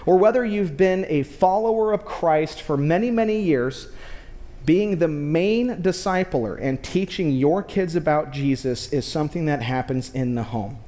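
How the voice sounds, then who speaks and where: A male pastor with a notably high-pitched voice delivers a sermon. He tells stories with lively energy and keeps speaking straight to the congregation. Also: unhurried. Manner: lively storytelling, addresses the congregation directly.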